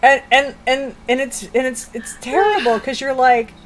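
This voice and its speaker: A woman's voice: sits high, normal speed, slight background noise. A woman in a casual chat, telling stories expressively and acting out her own reactions. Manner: expressive, acts out quoted reactions. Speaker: stream host.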